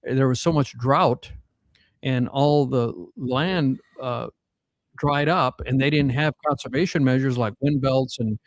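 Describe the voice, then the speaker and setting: A man's voice: mid-range voice, unhurried, no echo, low-quality recording. A man from South Dakota telling rambling family anecdotes in a casual podcast chat, full of fillers and restarts. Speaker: podcast guest.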